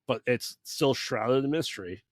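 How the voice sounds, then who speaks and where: A man's voice: medium pitch, expressive, measured pace, no echo, studio quality. A man co-hosting a podcast, recapping a bad movie in loose casual chat and acting out characters' lines along the way. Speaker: podcast co-host.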